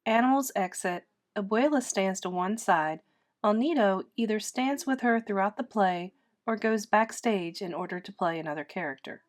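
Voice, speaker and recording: Woman teacher reading stage directions aloud; clear, steady. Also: mid-range voice, normal speed.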